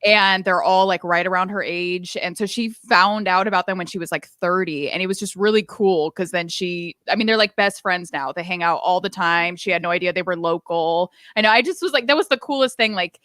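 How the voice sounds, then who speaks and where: A woman's voice: on the low side, brisk, hardly any pauses, a bit bright, no echo, studio quality. A woman podcast guest telling a story in an enthusiastic, chatty way. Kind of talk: casual chat, storytelling.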